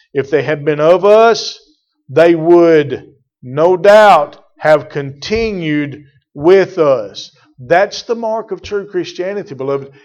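A man preaching a sermon, emphatic and repetitive, calling on congregation members by name. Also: fairly high pitch. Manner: emphatic, repeats phrases, addresses congregation by name. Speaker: pastor. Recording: muffled lo-fi church recording.

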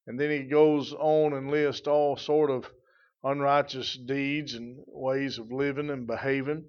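A man preaching an evening sermon, slow and emphatic on key points, with frequent "uh" fillers. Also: medium pitch, lo-fi sound. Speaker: pastor.

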